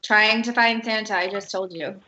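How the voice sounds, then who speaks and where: Quick, chatty woman playing a tabletop game. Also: medium pitch, fairly even intonation, bright, forceful tone, dull audio. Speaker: player.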